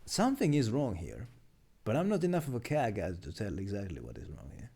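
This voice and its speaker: A man in casual live-stream chat, reading memes aloud and puzzling them out. His voice swings widely in pitch yet stays mellow and dark in tone. He mutters, restarts sentences and laughs at the jokes. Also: big pitch swings, a little fast, creaky, slightly rough.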